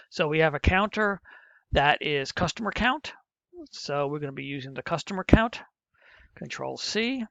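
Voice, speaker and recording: In this screen-recorded coding tutorial, a middle-aged male teacher takes things step by step and mutters to himself while typing. He sounds animated at normal speed, his fairly bright voice on the high side with vocal fry. There's no room sound, and the lo-fi mic is dull and muffled.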